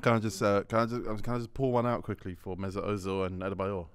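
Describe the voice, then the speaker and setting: A man's voice: lowish voice, level tone, fast talker, smooth, dry recording. A man hosting a casual podcast, telling stories and reading out audience questions in a laid-back way. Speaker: podcast host.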